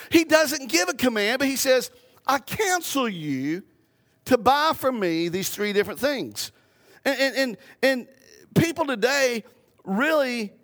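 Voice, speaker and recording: High-voiced male pastor preaching. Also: fairly bright tone. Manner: preaching with emphatic repetition and restarts. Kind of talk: sermon.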